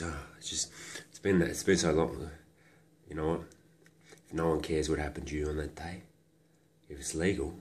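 Deep-voiced comic, hushed and coaxing, halting, slipping into whispers. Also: male voice. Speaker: comedian. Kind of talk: absurd comedy monologue.

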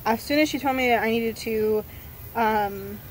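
A woman vlogging to camera in a casual way, out of breath, halting and searching for words as she restarts her sentences. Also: a little high, a little hiss or hum. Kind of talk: casual vlog talking to camera.

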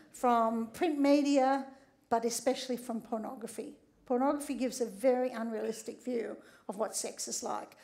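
A high-voiced, middle-aged woman speaks to a room as a sex therapist giving a humorous public talk. She is a lively storyteller who keeps checking in with her listeners and tags many of her lines with "all right?".

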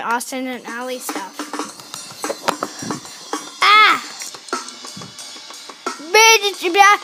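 A hyper child narrates a life-sim game with a high, bright voice. The kid teases and chatters at an unhurried pace. Game music plays clearly underneath. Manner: hyper and excitable, teasing. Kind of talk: let's-play commentary.

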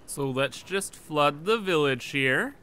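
A man's voice: fairly high pitch, lively intonation, slow pace, sharp tone, slight background noise. A young man giving playful, hyped commentary over his strategy game. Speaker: gaming YouTuber. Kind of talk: casual gameplay commentary.

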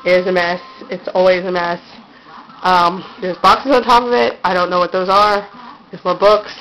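A woman's voice: fairly low pitch, fairly even intonation, normal speed, a bit bright, soft background music, low-quality recording. A woman giving a rambling, giggly tour of her bedroom, recorded on a handheld camera's built-in mic. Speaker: vlogger giving a room tour. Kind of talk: casual handheld room-tour chat. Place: her own bedroom, indoors.

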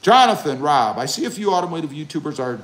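A man's voice: on the high side, very animated, fast talker, a bit bright. A man hosting a casual livestream, reading viewer comments aloud and answering them with jokes. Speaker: livestream host.

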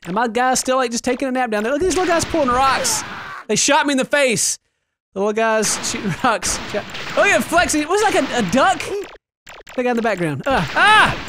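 High, lively man doing excitable game commentary. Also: noisy background. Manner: jokey, yelps and laughs at the screen. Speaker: video game let's-player.

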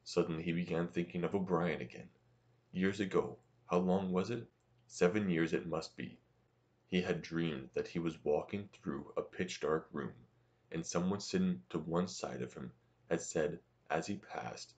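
A man narrating a novel as an audiobook in a steady, measured reading. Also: low-pitched, muffled recording.

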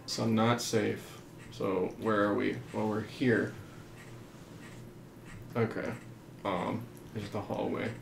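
A man doing let's play commentary on a horror game, crude and trash-talking, swinging from low mutters to panicked screaming. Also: flat delivery, takes it slowly, creaky, pauses often, a little hiss or hum. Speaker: gameplay commentator. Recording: roomy sound with game music behind.

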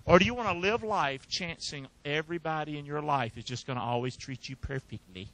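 A man's voice: a little high, brisk, fairly bright tone, rough recording. A man preaching a sermon as pastor, leaving verses open for the congregation to finish and joking between points. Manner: jokes and laughs between points.

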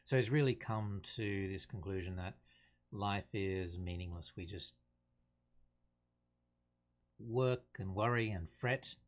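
Slow, low-voiced man explaining a play. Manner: unhurried, thoughtful, reads quotations aloud plainly. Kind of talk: casual explanatory lesson.

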